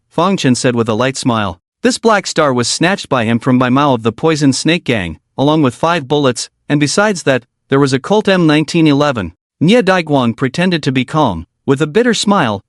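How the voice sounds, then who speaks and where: A man narrating a story recap in a brisk storytelling manner. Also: on the high side, animated, dry recording, studio quality.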